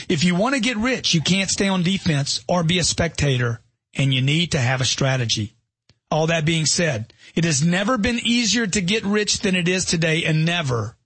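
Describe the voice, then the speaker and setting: A middle-aged self-help author narrates motivational material with punchy emphasis and strings of rhetorical questions. His husky voice sits a little high for a man and has a fairly bright tone, captured in a dry recording.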